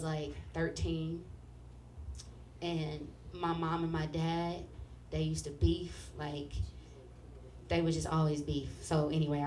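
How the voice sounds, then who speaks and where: A young woman performing a stand-up set, telling a story with animated, profane delivery and acted-out voices. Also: medium pitch, reverberant, distant mic. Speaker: stand-up comedian. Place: comedy club stage with live audience.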